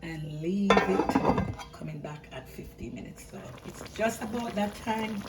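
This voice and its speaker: A woman hosting a casual cooking vlog, chatty and excitable, talking to her viewers as she cooks in her home kitchen. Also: medium pitch, a little slow. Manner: chatty and excitable, often calling viewers "guys". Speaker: cooking channel host. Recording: voice far from the mic over loud boiling pot noise.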